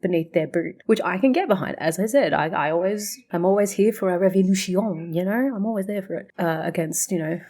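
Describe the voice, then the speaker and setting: Woman reaction host, low-ish voice, loose and profane, casual running commentary. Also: fairly quick, hardly any pauses, dark tone. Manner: chatty, swears freely, laughs often, rambling. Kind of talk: casual chat reacting to a show.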